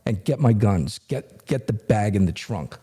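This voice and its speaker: A man's voice: fairly low pitch, expressive, warm tone, husky. A man acting out a blunt, menacing crook. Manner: impatient, blunt, rapid. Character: brash, menacing male criminal ringleader.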